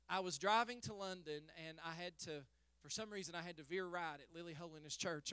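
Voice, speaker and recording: A middle-aged male pastor preaching a sermon, telling a story softly and then rising to fervent exhortation. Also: high voice, smooth, no room sound. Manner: storytelling, swings from hushed to fervent.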